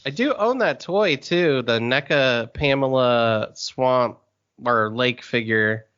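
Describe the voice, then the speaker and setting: A man's voice: mid-range voice, slow, a bit bright, smooth, dull audio. A man co-hosting a podcast in easygoing casual chat, chuckling between remarks. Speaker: podcast co-host.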